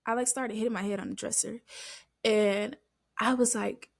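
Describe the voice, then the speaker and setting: A woman's voice: fairly high pitch, steady tone, moderate pace, vocal fry, no echo, studio quality. A woman hosting a faith podcast, candidly telling an emotional personal story straight to her listeners in loose, filler-heavy speech. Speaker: podcast host.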